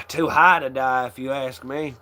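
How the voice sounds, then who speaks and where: A man's voice: mid-range voice, fairly even intonation, a little slow, pushed and bright, slight background noise. A young man hosting a casual chat, rambling in a laid-back way, swearing often and laughing along. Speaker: channel host.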